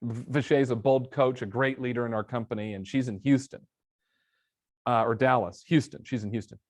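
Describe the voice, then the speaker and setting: A man speaking as a guest on a live interview show. He tells stories and acts out phone conversations, switching into the quoted lines as he goes. His voice sits at an ordinary pitch for a man. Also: steady tone, brisk. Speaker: guest, real estate training executive. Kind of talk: conversational interview, storytelling with examples.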